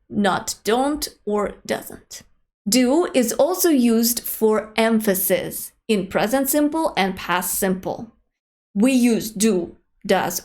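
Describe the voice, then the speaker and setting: A young adult woman teaching an online grammar lesson, speaking example sentences slowly and clearly. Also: on the high side, darkish tone. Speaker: language teacher.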